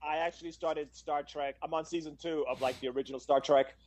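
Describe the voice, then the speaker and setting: A man's voice: on the high side, fairly even intonation, brisk, a little mellow. A man in a casual podcast chat, talking eagerly about old shows.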